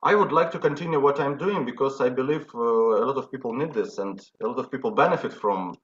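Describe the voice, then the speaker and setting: A man's voice: mid-range voice, fast. A man with a Ukrainian accent who coaches public speaking, answering an interview earnestly and repeating his words. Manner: earnest, repeats words, demonstrates humming and shouting exercises. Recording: echoey room, dull sound.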